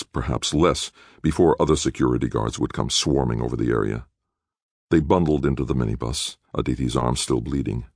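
Deep gravelly male narrator. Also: a little mellow, no room sound, studio quality. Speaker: audiobook narrator. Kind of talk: scripted narration.

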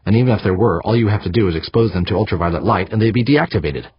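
A man voicing a sharp-tempered woman scientist who barks her demands with indignation. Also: deep voice, fast talker, slightly rough, no echo, dull audio. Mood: angry. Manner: barking, indignant.

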